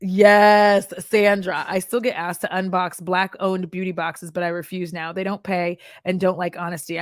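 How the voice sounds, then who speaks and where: Blunt, animated woman chatting casually. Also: mid-range voice, dry recording, clean studio sound. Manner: animated, blunt, swears freely, laughs often. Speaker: beauty content creator turned chat vlogger. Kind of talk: casual chat vlog while doing makeup.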